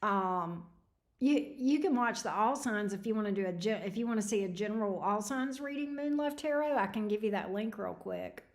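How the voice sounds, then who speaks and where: A woman's voice: medium pitch, expressive, normal speed. Snarky lady tarot reader chatting with her stream, laughing a lot, kinda tired, voice in the middle. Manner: snarky, laughing, reading chat messages aloud. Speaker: tarot reader hosting a livestream. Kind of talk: casual livestream chat with viewers.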